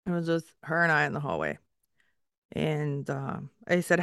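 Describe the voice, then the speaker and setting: Woman podcast host near tears, rambly and emotional, clean smooth voice, dry sound. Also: deep voice, sing-song, moderate pace, fairly bright tone, no echo. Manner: emotional, rambling with many fillers. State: tearful. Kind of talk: casual conversation.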